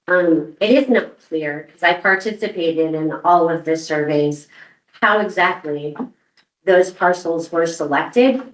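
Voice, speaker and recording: A woman giving a public comment at a meeting, congested and gravelly, speaking carefully and a little nervously. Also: deep voice. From United States. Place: council chamber. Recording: dull, roomy meeting audio from far off.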